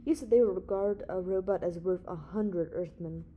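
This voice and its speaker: A commanding young space hero, read by a woman in a warm, mellow tone. He builds his argument step by step, persuasive and sure of himself, as in a storybook reading. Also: fairly low pitch, moderate pace, muffled recording, lightly acted. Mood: confident, reasoning. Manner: reasoned, persuasive, authoritative.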